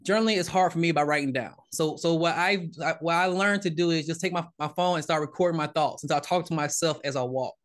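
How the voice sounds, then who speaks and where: A man, a married father, telling his story as a podcast guest in casual conversation, animated and often repeating and restarting his words. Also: on the high side, fast, hardly any pauses. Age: adult, married father. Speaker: podcast guest, real estate investor.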